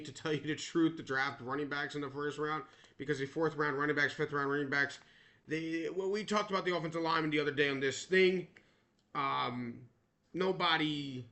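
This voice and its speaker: A man's voice: fairly high pitch, bright, forceful tone. A man giving casual, opinionated sports commentary, rambling with frequent restarts and asides. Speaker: sports vlogger.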